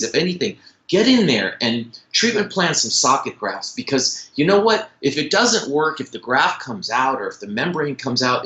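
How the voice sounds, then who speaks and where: Animated, bright-voiced man in an echoey room. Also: on the high side. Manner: animated, fast-talking storyteller with frequent restarts. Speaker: dentist and implant educator. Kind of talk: podcast interview.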